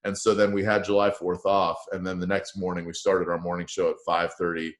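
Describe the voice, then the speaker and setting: Man, radio morning host, very low voice, profane and jokey storyteller, casual interview chat. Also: a little fast. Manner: profane, joking, animated storyteller.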